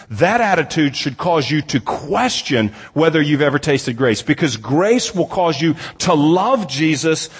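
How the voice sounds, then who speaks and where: A man preaching a sermon as pastor, earnest, slowing down for emphasis and then speeding up to argue. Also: fairly high pitch, breathy edge. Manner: earnest preaching, pace swinging from slow emphatic to rapid. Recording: reverberant hall.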